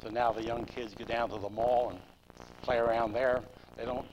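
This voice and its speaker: An older man answering interview questions in a plain, steady storytelling manner. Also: medium pitch, moderate pace, dull audio. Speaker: guest. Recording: noisy 2002 local cable recording.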